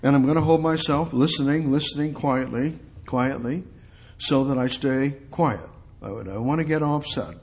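Folksy man preaching in hushed tones. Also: mid-range voice, moderate pace. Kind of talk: informal sermon.

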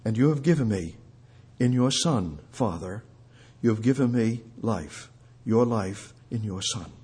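A man preaching a sermon, fervent and repetitive, swinging between loud outbursts and hushed prayer. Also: on the low side, measured pace, slightly rough.

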